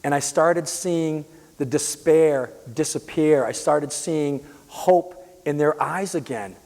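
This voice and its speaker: A man from the Boston area telling his own illness story as a patient advocate, earnest and halting, with frequent restarts. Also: fairly high pitch, darkish tone, big-room sound. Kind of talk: personal storytelling.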